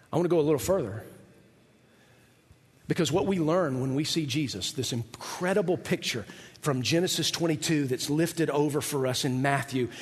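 A man preaching a sermon as pastor, animated and shifting his voice to act out biblical figures. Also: medium pitch, big-room sound.

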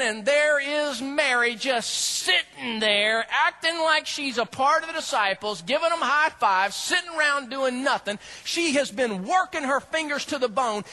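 A male pastor preaching a sermon, animated and humorous as he tells the story. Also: very high-pitched.

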